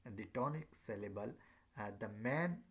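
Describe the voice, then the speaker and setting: A man giving a recorded lecture, halting often with fillers and repeated words, and acting out rising and falling tones on short example phrases. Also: medium pitch, expressive, a bit bright, slightly rough.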